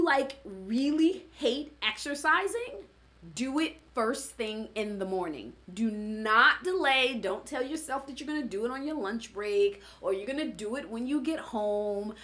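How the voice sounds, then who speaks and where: A woman's voice: fairly high pitch, a bit bright. Upbeat woman coaching on habits. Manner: conversational, often adds "right?" and laughs. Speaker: fitness coach and former studio owner. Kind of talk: motivational talk.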